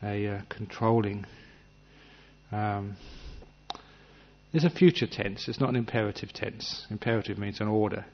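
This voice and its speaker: A man giving a gentle, humorous meditation talk, acting out little scenes as he teaches. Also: lowish voice, unhurried. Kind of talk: dharma talk. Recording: dull lo-fi recording.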